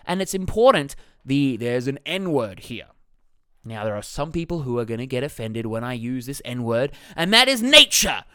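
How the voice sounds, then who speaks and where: A man's voice: medium pitch, very animated, normal speed, bright, forceful tone, clear, resonant tone, dry recording, studio quality. A man talking as a life coach in a motivational self-help talk, blunt and jokey, swearing freely.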